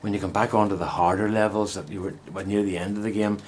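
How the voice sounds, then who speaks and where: Older man, lowish voice, chummy rambling gardener talk, outdoors, faint wind behind. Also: little pitch movement, fast, darkish tone. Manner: meandering, chummy, many restarts and asides. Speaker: gardening vlogger. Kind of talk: casual rambling chat to camera. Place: outdoors in a windy vegetable plot.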